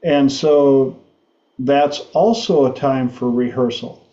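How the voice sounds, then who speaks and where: Man hosting a talk show, slow halting storytelling, dark dull echoey sound. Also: mid-range voice. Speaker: host.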